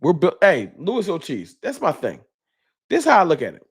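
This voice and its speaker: A man's voice: a little high, huge pitch swings, moderate pace, husky. A man hosting a casual sports fan livestream, talking loose and slangy as he reads out viewer donations. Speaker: fan talk show host.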